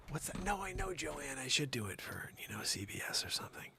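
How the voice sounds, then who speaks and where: A man hosting a live-streamed comedy news show, rambling and sarcastic, jumping between loud reading and muttered asides. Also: mid-range voice, sing-song, fairly quick, gravelly, few pauses, slightly rough.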